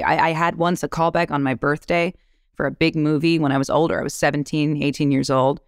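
Frank, animated woman guest, smooth voice. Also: deep voice, no echo, studio quality. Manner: animated, laughing, acts out quotes; frank, swears casually. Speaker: actress guest. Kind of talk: candid podcast storytelling.

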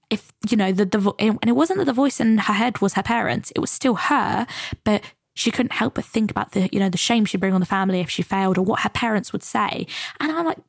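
A woman from the UK talks through her podcast in a chatty, earnest, motivational way. Her voice carries a touch of gravel and sits at a middle pitch. The sound is close and dry. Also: no echo. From United Kingdom. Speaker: podcast host and coach. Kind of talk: reflective solo podcast talk.

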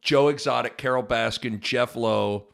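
A man co-hosting a podcast, chatting casually in an animated, rambling and emphatic way. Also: mid-range voice, measured pace, vocal fry. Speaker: podcast co-host. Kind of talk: casual chat.

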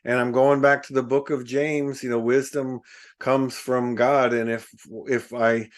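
A man's voice: mid-range voice, little pitch movement, a little slow. A man hosting a casual conversation about recovery, speaking reflectively and agreeing often.

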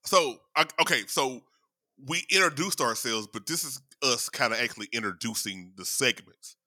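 A man co-hosting a casual chat podcast, playful and laughing, swinging to loud high outbursts, on a close mic. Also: expressive, moderate pace, no room sound. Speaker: podcast co-host.

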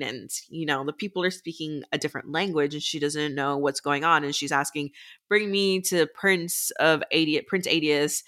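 A woman's voice: low-pitched, a bit bright. A woman co-hosting a book podcast, giving a chatty plot recap with filler words. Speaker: podcast co-host.

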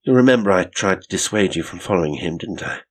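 A man reading a story voices a confident young male detective who speaks coolly and briskly, in a low husky voice. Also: lively intonation.

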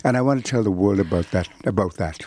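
A man's voice: sits low, fast, darkish tone. Playful older man laughing through a chat. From Canada. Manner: playful, teasing, laughs often, repeats words for emphasis. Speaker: guest author. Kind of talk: radio interview, casual chat.

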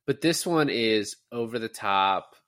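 Quick-talking man arguing movies casually. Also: on the low side, expressive, fairly bright tone. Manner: quick, argumentative, conversational, trails off with filler words. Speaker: podcast co-host. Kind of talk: casual movie review chat.

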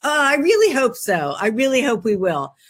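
A woman author with a Philadelphia accent, telling jokey, animated stories in a casual chat. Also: fairly high pitch, moderate pace, slight background noise. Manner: jokey, animated storyteller, talks to herself. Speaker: author guest.

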